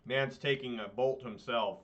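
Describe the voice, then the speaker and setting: Bright-voiced man commenting on his game. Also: medium pitch, fairly even intonation, a little slow, highs cut off. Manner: chatty, swears when frustrated with his deck. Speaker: streamer playing an online card game. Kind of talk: casual gameplay commentary.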